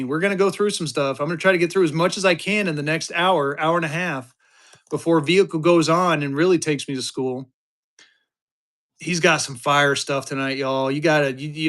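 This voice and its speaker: A man in his fifties, from Colorado, hosting a live-stream auction and chatting excitedly with his viewers, cursing now and then. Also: fairly high pitch. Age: 50s. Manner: excitable, chatty, mild cursing, hypes items to chat. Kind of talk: casual live-stream selling.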